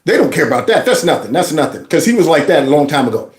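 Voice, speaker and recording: A man's voice: fairly high pitch, big pitch swings, fast. A man hosting a reaction commentary, mocking and laughing through what he watches, in an echoey room. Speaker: commentary host.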